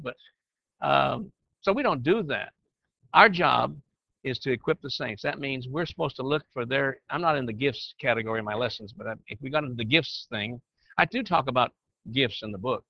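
Expressive and a little fast, this older man's medium-pitched voice carries vocal fry, with no room sound in the dry, muffled lo-fi recording. He guides and teaches church leaders, chatting folksily to a group before slipping into preaching.

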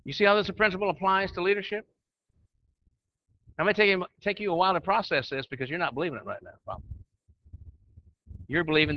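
A man's voice: a little high, quick pace, pauses often, highs cut off. A man teaching church leaders in a conversational preaching style, often asking his listeners questions. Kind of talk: sermon-style teaching with slides.

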